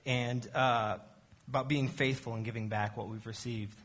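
A man's voice: medium pitch, fairly even intonation, normal speed, a bit bright. A man, the church's arts director, giving a casual sermon talk in a chatty, self-deprecating way with many fillers and restarts.

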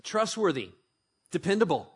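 A man preaching a sermon as pastor, conversational and joking, telling animated stories. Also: high voice, normal speed, husky.

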